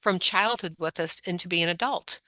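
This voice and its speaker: A woman's voice: fairly low pitch, brisk, no room sound. A woman guest in an interview, telling long rambling stories full of "you know" asides. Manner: rambling, animated storytelling with many "you know"s. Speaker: guest, functional medicine practitioner. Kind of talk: storytelling interview.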